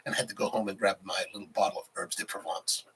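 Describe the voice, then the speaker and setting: A man's voice: low voice, level tone, quick pace, bright, forceful tone, slightly rough. A man in his forties hosting a casual livestream, rambling and reading viewer comments aloud. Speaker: livestream host, barista.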